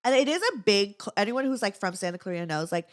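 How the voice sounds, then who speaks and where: A young woman co-hosting a podcast, chatting casually and reading a listener's letter, with lots of "like" and quick laughing asides. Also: medium pitch, lively intonation. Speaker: podcast co-host.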